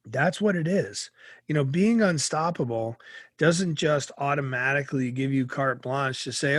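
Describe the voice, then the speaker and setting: A man's voice: medium pitch, a little slow, no room sound. A middle-aged man from Massachusetts telling a vivid personal story as an interview guest. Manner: vivid, anecdotal, expressive.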